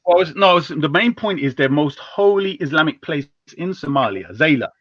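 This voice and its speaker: A young man hosting a live stream, talking in slangy, teasing, heated casual banter that jumps between loud and low. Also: lively intonation, moderate pace, no echo. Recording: dull lo-fi stream audio.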